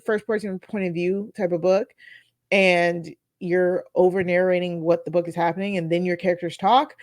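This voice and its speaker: A woman's voice: fairly low pitch, darkish tone, no echo, clean studio sound. Rambling woman co-hosting a podcast. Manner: rambling, restarts, laughs often. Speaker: podcast co-host. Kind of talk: casual podcast film review.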